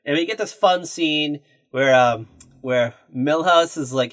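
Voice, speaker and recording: Man, podcast co-host, casual recap, slightly high voice, animated, slips into character voices. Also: unhurried. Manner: animated, acts out quoted lines in put-on voices. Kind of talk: casual chat recapping a TV episode.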